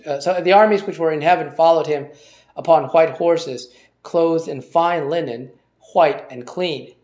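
A man's voice: fairly high pitch, darkish tone. A man teaching a Bible passage informally, thinking aloud with many fillers and restarts.

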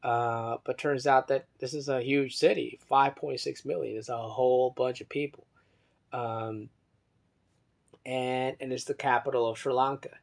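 A man's voice: mid-range voice, fairly even intonation, measured pace, creaky. Hesitant man spelling out words. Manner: hesitant, heavy with fillers and restarts, spells words out letter by letter; drifts between soft muttering and louder emphasis. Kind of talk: rambling monologue reading aloud from an article.

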